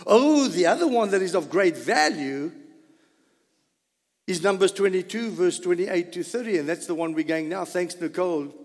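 A man preaching a sermon, animated, with sudden loud bursts and low asides. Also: normal speed. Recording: reverberant hall.

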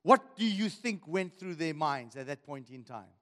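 A man's voice: a little high, animated, normal speed, fairly bright tone. A man preaching a sermon as pastor, asking the congregation questions as he reads and explains scripture. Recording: long hall reverb.

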